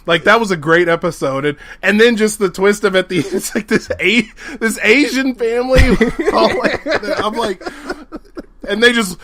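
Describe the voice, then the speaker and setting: A man co-hosting a podcast in casual chat, excitable and laughing often as he talks. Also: high voice, normal speed, no echo. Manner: excitable, laughs a lot while talking. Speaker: podcast co-host.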